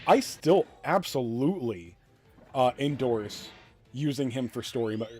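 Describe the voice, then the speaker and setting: A man's voice: medium pitch, lively intonation, unhurried, darkish tone, faint music behind. A man streaming a mobile game, talking bluntly in casual commentary, rambling with fillers and self-deprecating jokes. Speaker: gaming streamer.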